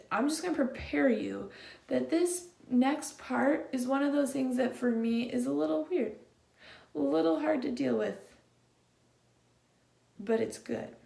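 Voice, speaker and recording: A young adult woman with a fairly high, slightly mellow voice and some vocal fry preaches a casual, chatty sermon to a congregation, emphatic and full of slang. She's in a large room with the congregation, and the recording has a roomy echo and faint room noise.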